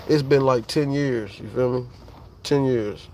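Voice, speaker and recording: A man's voice: mid-range voice, a little slow, a little mellow, slight background noise. A man, talking casually and profanely to his viewers on a livestream, rambling and speaking straight to the chat.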